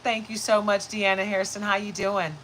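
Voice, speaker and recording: A woman's voice: medium pitch, little pitch movement, fairly quick, fairly bright tone, slight background noise, poor audio. A woman hosting a spiritual reading livestream, talking casually and upbeat with frequent laughter and greeting viewers by name. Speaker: spiritual reader and livestream host.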